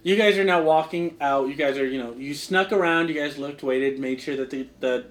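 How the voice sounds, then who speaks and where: A man's voice: fairly high pitch, moderate pace. Chatty young man running a tabletop game. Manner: rambling, filler-heavy, laughs often. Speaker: game master.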